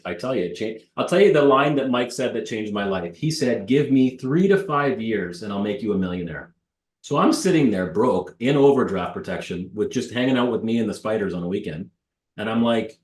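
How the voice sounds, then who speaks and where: A man in his thirties from Canada, a real estate broker telling blunt, lively stories in an interview and mimicking the people in them. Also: lowish voice, normal speed. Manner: blunt, animated, mimics voices in anecdotes. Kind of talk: interview storytelling. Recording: roomy echo.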